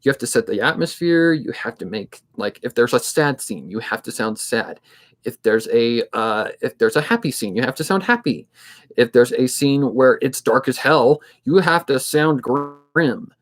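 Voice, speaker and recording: A man in his twenties who narrates fanfic readings, chatting casually on a livestream in a steady, somewhat monotone way and thinking aloud as he goes. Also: medium pitch, moderate pace. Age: 20s.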